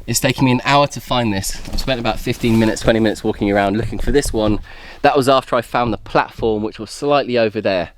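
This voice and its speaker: A man giving chatty, excitable commentary to camera as he explores woodland outdoors. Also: medium pitch, fast. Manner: chatty, excitable, talks to himself while exploring. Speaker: bushcraft vlogger.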